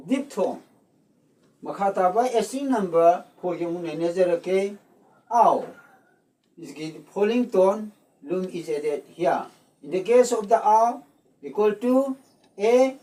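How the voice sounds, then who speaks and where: A language teacher from Manipur, explaining spelling slowly and deliberately, repeating words. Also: mid-range voice, mellow, far from the mic. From Manipur, India. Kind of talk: slow explanatory lesson.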